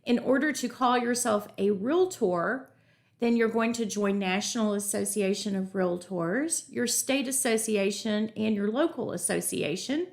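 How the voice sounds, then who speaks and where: A woman's voice: mid-range voice, a little slow, vocal fry. A middle-aged woman teaching a live real estate webinar, upbeat and chatty, greeting viewers from the chat and telling stories as she goes. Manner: chatty storytelling with asides.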